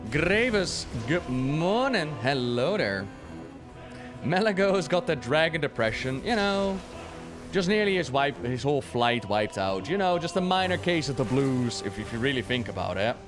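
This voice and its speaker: A man with a slightly high voice streams a game and rambles through its lore. He jokes and swears casually as he plays. Quiet game music runs behind him. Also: very animated, moderate pace. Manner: chatty, joking, swears casually. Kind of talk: casual lore commentary while playing.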